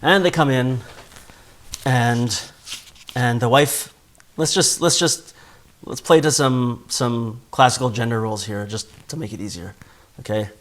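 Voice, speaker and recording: A man's voice: mid-range voice, unhurried, a bit bright. A man giving a spoken Torah class in an earnest way, often repeating words as he builds a point. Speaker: Torah teacher.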